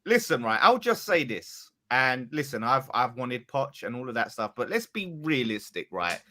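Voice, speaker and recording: A man's voice: mid-range voice, sing-song, normal speed, bright, forceful tone. A young man challenging others in a heated football podcast debate, goading and raising his voice for emphasis. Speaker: football pundit.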